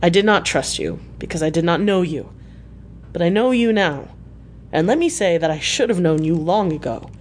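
A man's voice: fairly high pitch, animated, normal speed, a little hiss or hum, natural voice. A woman voicing an earnest, embarrassed male doctor who speaks hesitantly and awkwardly.

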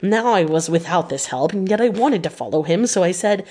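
A woman narrates a classic novel as an audiobook. Her delivery is measured and even, in a slightly low voice.

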